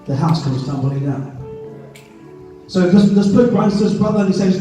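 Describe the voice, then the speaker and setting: High-voiced preacher in an echoey church. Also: male voice, lively intonation, normal speed, dark tone. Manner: storytelling, builds to impassioned preaching. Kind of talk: sermon. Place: church sanctuary. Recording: echoey distant church hall with music. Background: music.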